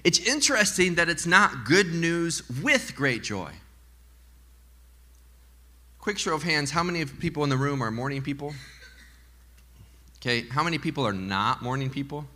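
Bright, animated male pastor preaching. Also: a little high, moderate pace, long pauses. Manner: animated, joking asides to the congregation. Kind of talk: sermon. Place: church in front of a congregation.

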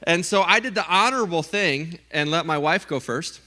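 A man preaching a sermon, telling a funny story with lively, animated delivery and acted-out voices. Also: a little high, moderate pace. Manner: animated storytelling, acts out his own scared voice. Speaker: pastor.

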